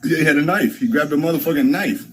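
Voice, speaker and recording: A man's voice: on the high side, quick pace, fairly bright tone, faint music behind, low-quality recording. A young man streaming, telling a story in a rambling, profane way, full of restarts and fillers. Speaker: live streamer.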